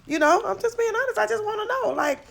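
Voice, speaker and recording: A woman's voice: very high-pitched, lively intonation, fast, vocal fry, a bit bright, pitched above the performer's own voice, exaggerated voice. A woman mimicking a prying young woman who asks pointed questions in a sweetly insistent, innocent-sounding way.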